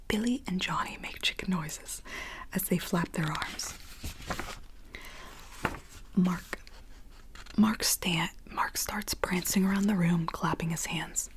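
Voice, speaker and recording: A woman ASMR host reading a script aloud in soft whispered role-play on a binaural mic, with casual chatty asides. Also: on the low side, slow pace, pauses often.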